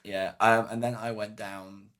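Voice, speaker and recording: A man, a podcast co-host telling animated stories in casual chat and acting out shouted lines. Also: fairly low pitch, a little slow.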